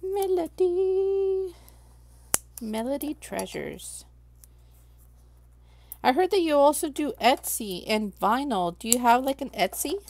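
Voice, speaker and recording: A woman with a fairly high voice and a gravelly edge talks slowly and casually as she crafts on a livestream. She muses aloud to herself and answers her chat in a relaxed, chatty way.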